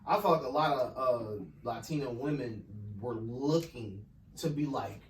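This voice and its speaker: A man co-hosting a podcast in casual, profane chat, animated and often saying "you know what I'm saying". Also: mid-range voice, a little slow. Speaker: podcast co-host. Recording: echoey room, mic at a distance, faint noise.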